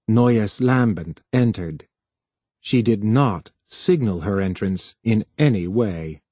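Lively male audiobook narrator. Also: on the low side, slow, breathy edge, no room sound. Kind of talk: scripted narration.

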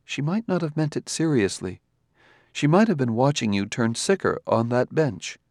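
An actor playing a calm, precise male humanoid robot detective who speaks in a measured, formal way. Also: mid-range voice, dry recording, studio quality, natural voice. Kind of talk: audiobook character reading.

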